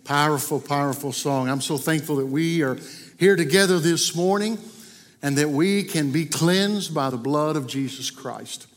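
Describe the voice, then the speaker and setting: A man's voice: a little high, moderate pace. A man with a Kentucky accent, preaching an earnest, story-driven sermon in a church. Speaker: guest preacher. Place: church sanctuary. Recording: long church hall reverb.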